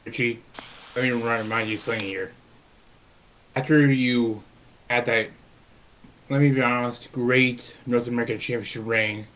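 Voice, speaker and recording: A man's voice: medium pitch, steady tone, moderate pace, long pauses, a bit bright, rough recording. A man taunting and mocking a rival at a wrestling league press conference. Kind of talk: trash-talk press conference promo.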